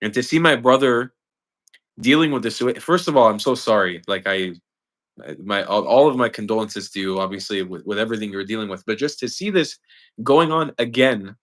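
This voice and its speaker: Hosting a live stream, a man delivers impassioned commentary earnestly, often repeating words and restarting lines. His voice is on the low side and a bit bright, at a moderate pace.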